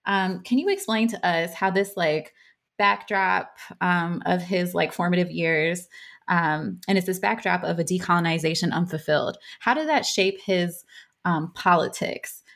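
A woman hosting an interview who asks long, measured questions with frequent pauses and "um"s. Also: on the low side, a bit bright. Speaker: interviewer, podcast host.

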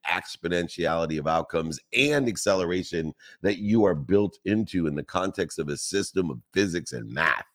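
A man with a very low, deep voice delivers a motivational talk. He builds long repetitive lists and drives them home with emphatic rhetorical questions. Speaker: motivational speaker.

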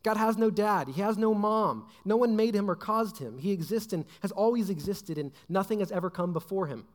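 A man's voice: high voice, lively intonation, fairly quick. A young adult man giving a casual sermon, chatty and full of fillers like "like" and "right?". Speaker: preacher. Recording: long hall reverb.

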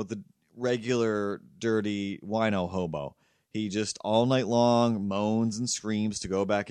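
A man's voice: lowish voice, dry recording, studio quality. A man hosting a podcast, telling a rambling, profane story in casual chat. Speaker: podcast host.

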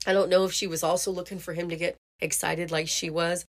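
A woman's voice: lowish voice, flat delivery, fast. A middle-aged woman hosting a podcast who tells a family story in a chatty, casual way, laughing often and saying "you know". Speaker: podcast host.

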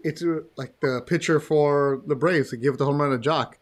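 A man with a fairly high voice hosts a casual podcast chat. He is animated and joking as he talks. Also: moderate pace. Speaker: podcast host.

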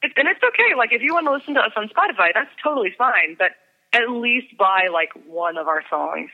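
A woman's voice: on the high side, lively intonation, fairly quick, phone-quality sound. A woman musician talking in a casual interview, earnest and self-mocking, with lots of hesitations. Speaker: musician guest.

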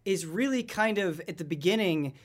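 A co-host in casual podcast chat, mostly brief agreeing interjections, measured when explaining a point. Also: mid-range voice, expressive.

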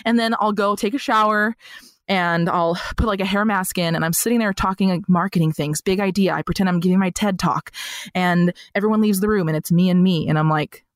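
A woman's voice: on the low side, a little fast, no echo, studio quality. A woman guest in a casual interview, talking animatedly and filling her stories with "like" and playful voices. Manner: chatty, animated storyteller full of "like" who slips into comic voices. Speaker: podcast guest.

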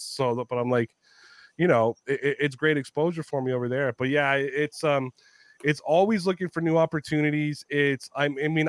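A man hosting a podcast, telling stories in a lively, profane way and often laughing. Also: medium pitch, no echo. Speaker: podcast host. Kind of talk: casual storytelling chat.

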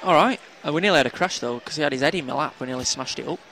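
A man's voice: a little high, racing, sharp tone, slight background noise. A man with a Yorkshire accent co-hosting a casual football podcast, rambling and jokey. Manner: rambling, jokey, laughs often. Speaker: podcast co-host. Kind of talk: casual chat.

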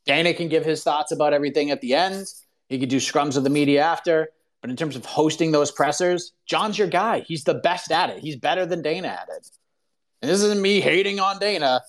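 A man hosting a live call-in show, ranting in an animated, opinionated way full of "like" fillers. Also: a little high. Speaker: podcast host.

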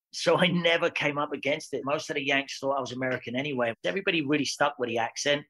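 A man's voice: on the high side, rough recording. A Scottish man in his forties, a guest telling stories in a casual interview and laughing easily. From Scotland. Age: 40s. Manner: lively storyteller, laughs easily. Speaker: actor guest.

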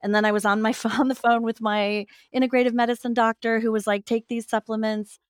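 A woman talking as an interview guest, a physician and author, telling stories with lively laughter. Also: a little high, fast, clean tone, no echo, studio quality. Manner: lively storyteller who laughs and acts out quoted voices. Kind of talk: casual interview conversation.

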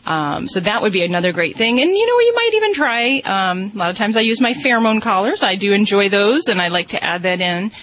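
A woman's voice: medium pitch, very animated, a little fast, hardly any pauses, a bit bright, poor audio. A woman giving dog-training advice to a caller on a call-in radio show, speaking steadily with frequent ums. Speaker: pet behavior expert.

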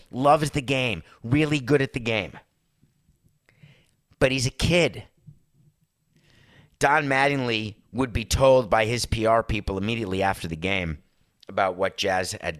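A man hosting a sports talk show, a former team executive, talking in a rambling, animated, conversational way while seated indoors. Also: fairly low pitch, no echo, clean studio sound. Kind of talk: casual sports commentary monologue.

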